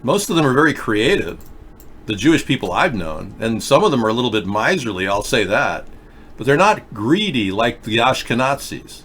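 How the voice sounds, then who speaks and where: A man's voice: medium pitch, sing-song, normal speed, a bit bright, slightly rough. A man hosting a live call-in talk show, rambling and conspiratorial as he talks to callers. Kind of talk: rambling live-stream commentary.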